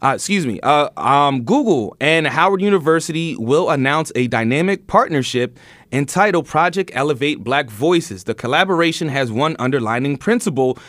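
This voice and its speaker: A man's voice: on the high side, expressive, moderate pace, fairly bright tone, dry recording. Chatty, laughing male news podcast host. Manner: chatty, laughs often, many restarts. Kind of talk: casual news chat.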